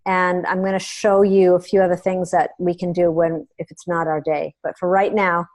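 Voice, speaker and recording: A woman hosting a meeting, giving a chatty hands-on software tutorial and often checking in with her listeners. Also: lowish voice, level tone, moderate pace. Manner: chatty and instructive, checks in with "okay?". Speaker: meeting host.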